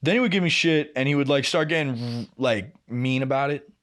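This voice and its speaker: A young podcast co-host tells a work story in casual chat, speaking at medium pitch and a fairly quick pace. He swears a lot and animatedly acts out what people said.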